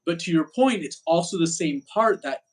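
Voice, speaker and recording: A man hosting a casual interview, reflective and halting, with many fillers and restarts. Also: a little high, animated, low-quality recording. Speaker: podcast host.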